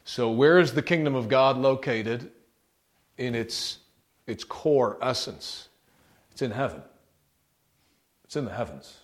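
A man preaching a sermon, rebuking forcefully and reading scripture with emphasis. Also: mid-range voice, lively intonation, slow, long pauses.

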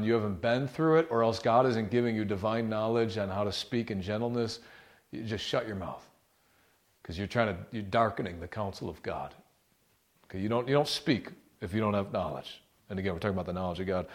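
A man preaching a sermon, rebuking forcefully and reading scripture with emphasis. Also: lowish voice.

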